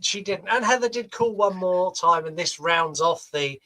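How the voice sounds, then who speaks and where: A man's voice: high-pitched, moderate pace, pushed and bright. A man hosting a podcast, introducing clips with dry, matter-of-fact segues. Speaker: podcast host.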